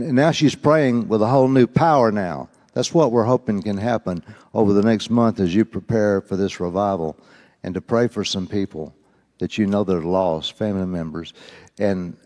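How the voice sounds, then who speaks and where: A man preaching, telling a folksy, animated story and rising high when quoting others. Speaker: pastor. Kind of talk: sermon storytelling. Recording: long hall reverb.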